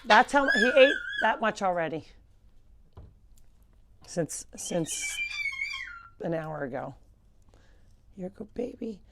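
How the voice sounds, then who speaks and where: Heavy background noise surrounds a woman whose mid-range voice swings widely in pitch at a moderate pace, with long pauses. Hosting a live farm stream from home on a clip-on mic, she chats and rambles through explanations, cooing and baby-talking to the animals.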